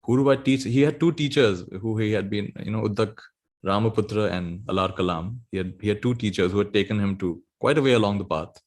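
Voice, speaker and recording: A man giving a dharma talk, telling a story gently and laughing often as he goes. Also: fairly low pitch, a little fast. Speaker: spiritual teacher.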